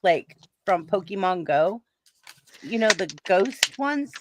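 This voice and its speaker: A woman's voice: medium pitch, animated, slow, heavy background noise. A woman hosting a casual chat, telling a story with laughter and acting out the lines she quotes. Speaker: stream host.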